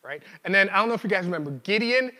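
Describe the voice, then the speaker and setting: A male preacher with a high-pitched voice delivers a sermon in a relaxed, conversational way. He acts out the quotes and trips over restarts and fillers. His voice rings out in a long hall reverb. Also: rapid-fire.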